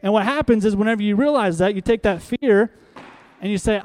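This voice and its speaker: This preacher's voice is high and slightly mellow, moving a little fast as he delivers an emphatic sermon. He asks rhetorical questions, has the congregation repeat his lines, and works with props on stage.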